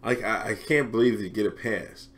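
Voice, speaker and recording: A man giving casual reaction commentary on a vlog, animated and slangy, laughing often as he talks. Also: on the low side, normal speed, a little hiss or hum. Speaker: commentary vlogger.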